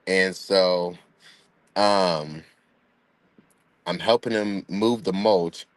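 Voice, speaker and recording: A man's voice: low-pitched, extremely slow, no echo. A young man telling a funny family story in a laid-back, rambling way, with chuckles. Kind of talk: casual storytelling.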